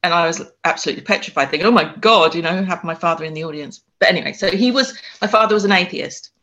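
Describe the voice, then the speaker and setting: A woman's voice: lowish voice, sharp tone, dull audio. A woman, an author and spiritual medium, telling her story in an interview, with frequent ums and restarts. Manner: halting, many restarts and ums.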